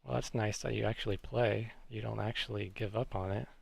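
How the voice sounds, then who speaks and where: A man's voice: lowish voice, steady tone, fairly quick, vocal fry, husky, no room sound. A man streaming live, chatting casually with viewers and reacting to chat messages.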